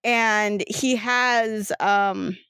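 Slow, rambling woman game master. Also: mid-range voice, fairly even intonation, a bit bright, smooth, dry recording, studio quality. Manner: rambling, full of fillers. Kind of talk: narrating a tabletop game.

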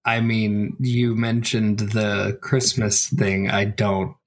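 A man's voice: fairly low pitch, level tone, takes it slowly. A man playing a tabletop game with friends, talking hesitantly. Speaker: player. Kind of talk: casual tabletop game play.

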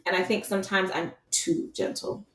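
A woman's voice: medium pitch, normal speed, distant mic. Chatty mother, a bit off-mic, echoey. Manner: chatty, frequent fillers, animated storytelling. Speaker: guest, mother of a toddler. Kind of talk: casual chat.

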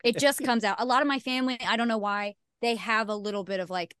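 A woman's voice: fairly high pitch, steady tone, fast, a bit bright, clean tone, no room sound, studio quality. A young woman, a singer-songwriter guest on a podcast, talking frankly in casual chat, swearing freely and laughing at herself.

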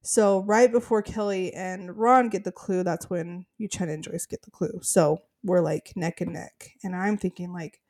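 A woman's voice: fairly low pitch, fairly even intonation, moderate pace, hardly any pauses, darkish tone. A woman co-hosting a podcast, chatting casually and laughing as she recaps a reality show. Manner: chatty, laughing, lots of fillers. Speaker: podcast co-host. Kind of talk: casual rewatch chat.

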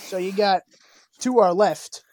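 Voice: mid-range voice, measured pace, a little mellow, dry recording, clean studio sound. A speaker casually retelling a bar story with a friend, laughing often and acting out the people involved.

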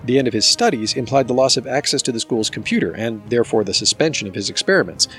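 A man reading a nonfiction book aloud as podcast host, in steady, measured scripted narration. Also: medium pitch.

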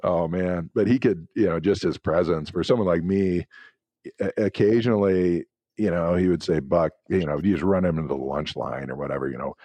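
A man in his forties, a former pro football player, telling interview stories with lively acted-out quotes. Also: deep voice, fairly quick, no echo. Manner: animated anecdotes with acted-out quotes. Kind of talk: casual interview storytelling.

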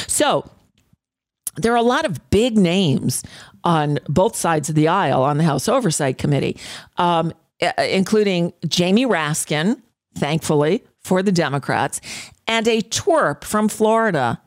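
A woman's voice: lowish voice, lively intonation, measured pace, no echo, clean studio sound. A woman hosting a radio talk show, giving a blunt, profane, sarcastic political monologue with frequent fillers and restarts.

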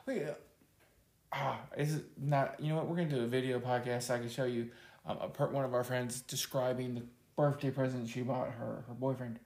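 A podcast co-host jokes around and tells stories, laughing often in casual banter. His voice is medium-pitched, steady, brisk and a little mellow, recorded in an echoey room.

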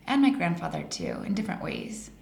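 A woman in her forties from Colorado tells personal stories in a casual, animated way. Her voice is lowish with plenty of gravel. The room is echoey with a faint hiss behind. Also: brisk. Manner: animated, laughs through stories. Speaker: guest. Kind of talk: casual storytelling interview. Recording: roomy echo, faint hiss.

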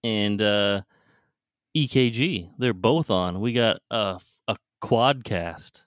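Hesitant podcast host, dry close mic. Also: male voice, lowish voice, slow pace, dry recording. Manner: hesitant, many fillers. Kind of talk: casual podcast chat.

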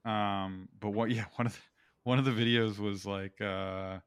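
A man co-hosts a casual podcast with studio-quality, echo-free sound, his lowish voice clear and resonant, fairly even in intonation and moderate in pace. He rambles, peppering his talk heavily with "like."

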